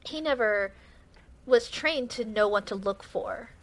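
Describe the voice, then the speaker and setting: A woman's voice: a little high, measured pace, low-quality recording. A woman co-hosting a podcast who is losing her voice, chatting casually about an episode. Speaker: podcast co-host.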